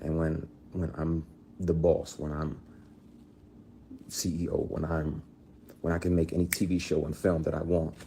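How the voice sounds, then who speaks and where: A man from Michigan speaking emphatically and passionately, swinging between fired-up outbursts and quiet, grave statements. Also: deep voice, slight background noise. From Michigan, USA. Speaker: actor. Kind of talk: impassioned spoken statement.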